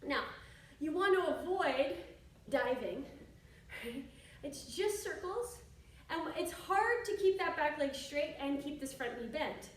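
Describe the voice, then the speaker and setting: A woman's voice: high voice, expressive, slow. A woman teaching a stretching and yoga lesson while demonstrating, chatty and encouraging, slightly out of breath. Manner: chatty and encouraging, thinks aloud with asides. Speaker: yoga and fitness instructor. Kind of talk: instructional demonstration while exercising. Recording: echoey room, distant mic, faint hiss.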